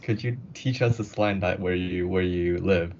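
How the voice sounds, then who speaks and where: Very deep-voiced hesitant man. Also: moderate pace, a little mellow, a little hiss or hum. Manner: hesitant, full of uhs. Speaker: student interviewer. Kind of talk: podcast interview questions. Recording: dull lo-fi audio.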